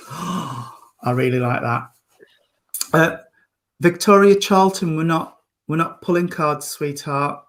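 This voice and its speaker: A man's voice: a little high, slow pace, long pauses, a bit bright. A man, a reverend and medium, hosting an online service with affectionate, chatty readings over a video call. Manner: affectionate, calls people darling and sweetheart.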